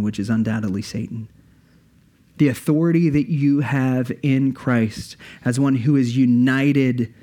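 A man's voice: mid-range voice, a little mellow. A male pastor preaching a sermon earnestly, building his points with repeated phrases.

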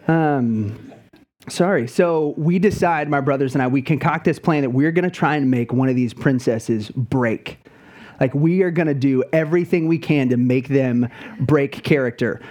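A pastor preaching a sermon, telling funny stories in an easy, conversational way. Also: male voice, on the high side, darkish tone. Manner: conversational, humorous storytelling.

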